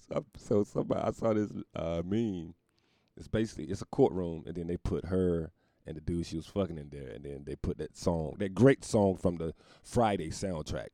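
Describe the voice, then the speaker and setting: A man's voice: sits low, moderate pace, warm tone, dry recording, studio quality. A man hosting a solo podcast, ranting crudely and mockingly and laughing at his own jokes. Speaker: podcast host. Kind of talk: solo comedic rant.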